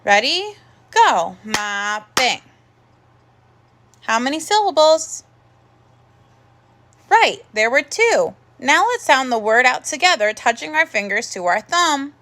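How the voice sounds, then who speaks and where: A woman leads a recorded first grade phonics lesson. Her voice sits high and bright, with a lively, swooping pitch. She speaks slowly and encouragingly, sounding out each word carefully. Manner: slow, clear, encouraging teacher talk with drawn-out sounds.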